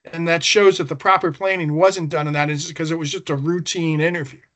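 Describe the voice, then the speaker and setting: High-voiced man recounting a case. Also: fairly even intonation, brisk, a bit bright. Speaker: guest, investigator. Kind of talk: casual anecdote.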